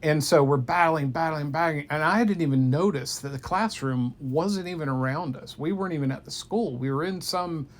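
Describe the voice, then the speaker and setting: A man telling an improvised bedtime story to a child in an animated, playful way, sometimes dropping to hushed tones. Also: fairly high pitch, moderate pace, hardly any pauses.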